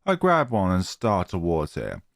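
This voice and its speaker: A man's voice: low-pitched, wildly swooping pitch, unhurried, creaky, no echo, clean studio sound. A man reading a horror visual novel aloud as a let's player, playful, often tripping over words and correcting himself.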